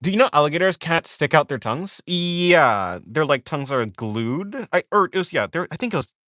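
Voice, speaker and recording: A man's voice: fairly high pitch, very animated, fairly quick, pushed and bright. A man chats casually with his viewers on a stream, answering their questions. His voice moves up and down animatedly as he talks. He wanders through his sentences, stacking fillers and restarting thoughts. The sound is dry, with no room echo. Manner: rambling, full of "like" fillers and self-corrections; reads viewer questions aloud and answers them. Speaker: art streamer chatting with viewers. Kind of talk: casual livestream chat.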